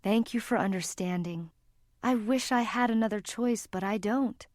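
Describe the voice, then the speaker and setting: A woman's voice: medium pitch, moderate pace, a little mellow, no echo, clean studio sound, natural voice. A woman narrator voicing a worried, tired middle-aged mother who talks in a strained, pleading way near tears. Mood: weary.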